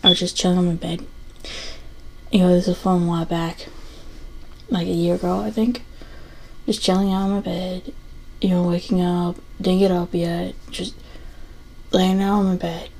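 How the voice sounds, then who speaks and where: A woman's voice: on the low side, little pitch movement, normal speed, pauses often, a little mellow, low-quality recording. A young adult woman hosting a casual solo podcast, rambling with lots of fillers and restarts. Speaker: podcast host.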